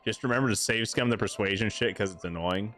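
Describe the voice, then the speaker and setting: A man's voice: on the low side, fast talker, a bit bright. A man hosting a livestream, rambling and joking crudely while he plays. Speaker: livestream host. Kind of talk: casual gaming commentary.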